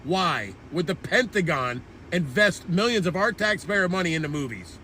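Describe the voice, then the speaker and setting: A man's voice: high voice, expressive, normal speed, sharp tone, slight background noise. A man hosting an online commentary channel, delivering a heated, profane political rant.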